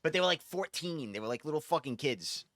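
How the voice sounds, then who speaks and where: A man, a streamer, telling a story in casual, profane, animated talk. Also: on the high side, fast talker.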